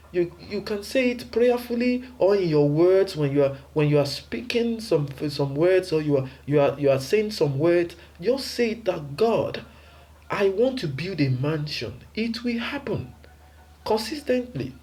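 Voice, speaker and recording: A man's voice: high voice, lively intonation, unhurried, warm tone. A man preaching a sermon emphatically, with rhetorical questions and repeated phrases.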